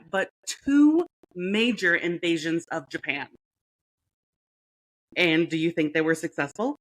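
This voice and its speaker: A woman with a low voice co-hosts a podcast and talks in a loose, playful way. She laughs often and fills her sentences with "like". It sounds like relaxed chat between friends. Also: takes it slowly, low-quality recording. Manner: chatty, playful, laughs often, many "like" fillers. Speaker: podcast co-host. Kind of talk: casual chat.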